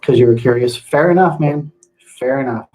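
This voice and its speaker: A man chatting casually to his livestream audience from a room at home. His pitch sits in the middle range. He talks loosely and profanely, laughs often, and drifts into rants. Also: normal speed, mellow, low-quality recording. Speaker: livestream host reading chat.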